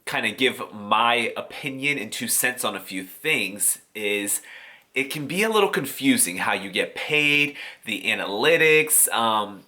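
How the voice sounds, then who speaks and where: Sassy, bright-voiced man vlogging. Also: medium pitch, a little slow. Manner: sassy, profane, animated, with put-on quoted voices. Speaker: YouTuber. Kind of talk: casual vlog explaining monetization.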